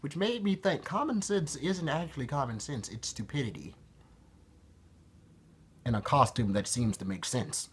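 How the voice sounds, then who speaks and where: A man's voice: medium pitch, very animated, brisk, a bit bright, breathy edge. A man talking to camera in a rambling, profane vlog monologue that keeps interrupting itself. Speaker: vlogger.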